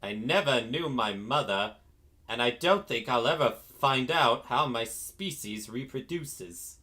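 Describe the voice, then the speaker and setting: A man playing a smug, cruel alien tyrant from a cartoon, sneering at his victim with theatrical mockery. The voice is bright and cutting, with a self-satisfied lilt. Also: medium pitch, expressive, unhurried. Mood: mocking. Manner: mocking, theatrical.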